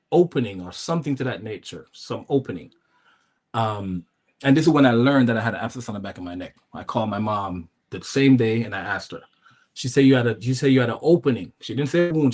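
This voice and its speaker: A man as a podcast guest, telling a personal story casually, acting out other people's words with jumps in his voice and frequent restarts. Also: fairly quick. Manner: animated, acts out quoted voices with pitch jumps, many restarts.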